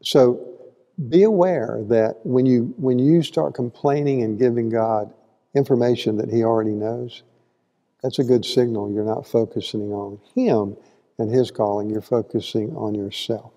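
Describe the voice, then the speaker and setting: Man, folksy Bible class teacher, mellow voice, asks the room questions, long hall reverb. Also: mid-range voice, a little slow. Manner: folksy, asks the audience questions, acts out quotes. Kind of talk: conversational Bible lesson. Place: church hall.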